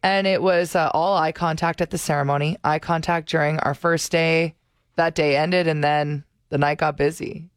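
A woman's voice: low voice, steady tone, moderate pace, clean tone, no room sound. A woman co-hosting a morning radio show, chatting in a bubbly way and laughing often. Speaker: radio co-host.

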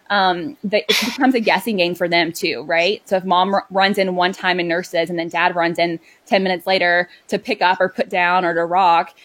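A woman sleep consultant talking in a casual chat, quick and earnest, with many "like" fillers. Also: medium pitch.

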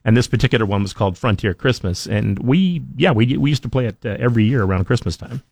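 A man's voice: mid-range voice, expressive, fast talker, a little mellow, no echo. A male radio co-host in a studio, laid-back, chatting and giving short acknowledgments. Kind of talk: talk radio banter.

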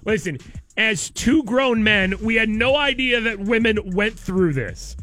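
A man's voice: high-pitched, animated, measured pace, pushed and bright. A man hosting a radio show, talking in a casual, playful way and laughing often.

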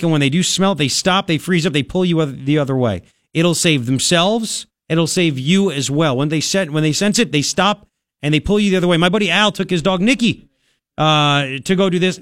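A man hosting a talk radio show, emphatic and repetitive with quick asides, speaking into a studio microphone. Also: fairly high pitch, fairly bright tone, no room sound. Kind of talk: talk radio monologue with live ad read.

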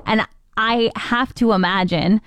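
A woman's voice: a little high, unhurried, clean tone, dry recording. A woman co-hosting a morning radio show, chatting and telling stories, laughing often. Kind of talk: casual radio banter. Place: radio studio.

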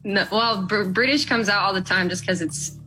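A woman's voice: mid-range voice, moderate pace, sharp tone, faint music behind, rough recording. A woman from Nebraska calling in to a morning radio show, chatting casually and playfully with frequent laughs. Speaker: caller. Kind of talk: casual chat.

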